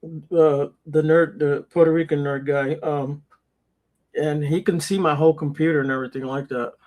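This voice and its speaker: Casting: male co-host, slightly high voice, laughs a lot, loose and profane. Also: steady tone, normal speed, a little mellow. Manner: laughing, loose, swears casually. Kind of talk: casual chat.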